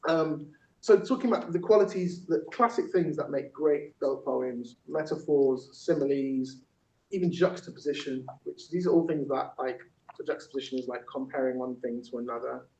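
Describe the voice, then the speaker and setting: A man's voice: medium pitch, moderate pace, vocal fry, mellow. A man running a workshop, talking in a loose, chatty way with many fillers and restarts, and breaking into spoken-word poetry. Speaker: workshop facilitator. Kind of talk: teaching workshop with spoken-word poem performance. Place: large echoey workshop room. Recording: roomy, distant, dull room recording.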